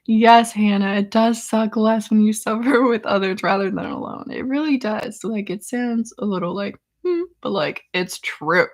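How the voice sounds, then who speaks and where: A young woman hosting a casual livestream chat, reading viewers' comments, laughing often and trailing off with ums. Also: mid-range voice. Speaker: chronic illness vlogger hosting a live chat.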